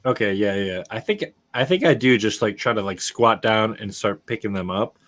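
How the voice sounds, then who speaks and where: A man's voice: on the low side, normal speed, fairly bright tone. Hesitant male tabletop player. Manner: hesitant, self-amused. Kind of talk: tabletop role-play.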